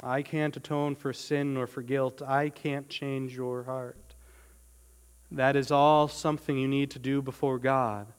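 A man preaching a sermon as pastor, earnest and emphatic, slowing down on key words and often restarting his phrases. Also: medium pitch, little pitch movement, clean tone, long reverb tail.

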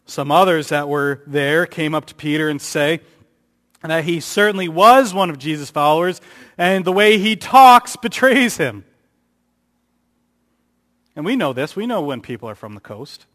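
This preacher sounds animated and unhurried, with a fairly bright tone. When he wants to stress something, his voice climbs in pitch and grows louder, and he dramatizes each quote he reads. The recording carries a long hall echo.

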